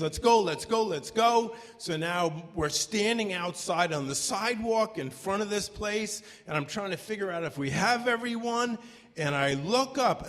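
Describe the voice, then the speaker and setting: A man performs a personal story for a live audience, his high, bright voice swinging widely in pitch and jumping into shouts at the tense moments. The sound carries a long reverb from the hall around the stage microphone.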